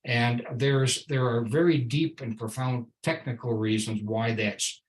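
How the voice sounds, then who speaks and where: A man giving a public slide lecture, wry and sarcastic, stressing key words slowly, with frequent restarts and fillers. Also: mid-range voice, fairly even intonation, low-quality recording. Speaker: invited speaker giving a slide talk.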